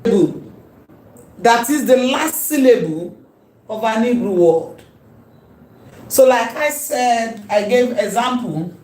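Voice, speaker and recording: Slow, emphatic woman teaching. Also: on the high side, expressive, a little mellow, a little hiss or hum. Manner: repeats key terms slowly and emphatically. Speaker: Hebrew teacher. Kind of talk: classroom lecture. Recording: echoey room with faint ambience.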